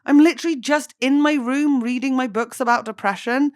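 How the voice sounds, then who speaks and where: A young woman hosting a comedy podcast, chatting in an animated, self-mocking way and swearing freely. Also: high-pitched, a little fast. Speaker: podcast host. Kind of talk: casual comedic chat.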